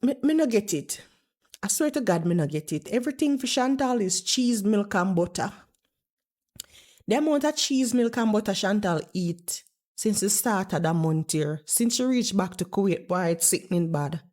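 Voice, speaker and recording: A woman's voice: medium pitch, animated, normal speed, darkish tone. A woman doing blunt, mocking reaction commentary and swearing freely.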